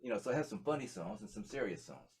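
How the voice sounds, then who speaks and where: Rambling, easygoing lowish man. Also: big pitch swings, quick pace, darkish tone. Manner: rambling, many fillers and restarts. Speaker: musician guest. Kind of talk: casual interview chat.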